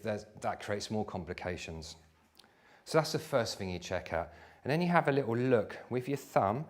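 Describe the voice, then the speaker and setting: A man, a sports therapist, giving a live exercise class and demonstrating on his own leg in a chatty way. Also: on the low side.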